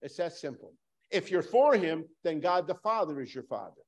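A man preaching a sermon emphatically, repeating lines for stress and swinging from loud to hushed. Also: on the high side, lively intonation, normal speed.

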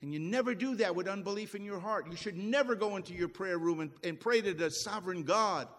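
A man's voice: high voice, fairly quick, a bit bright, long reverb tail. A middle-aged man preaching a sermon as pastor, folksy and emphatic, often restarting his phrases.

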